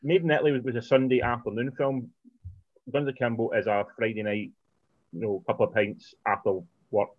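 A man co-hosting a podcast, giving quick, opinionated film takes and steering the talk to the next title. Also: mid-range voice, fairly even intonation, dry recording. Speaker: podcast co-host. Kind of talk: casual film review chat. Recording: tinny phone-like line, dry.

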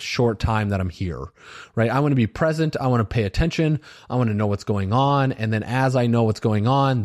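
This monologue comes from a middle-aged man hosting his own reflective podcast, earnest and loose in delivery and heavy on fillers like "you know" and "like." He sits on the low side with a darkish tone.

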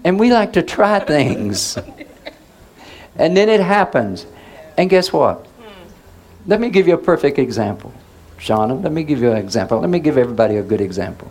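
A man's voice: a little high, very animated, moderate pace, pauses often, a little mellow. A male pastor preaching in a conversational way, asking the congregation questions and waiting for answers. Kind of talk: sermon.

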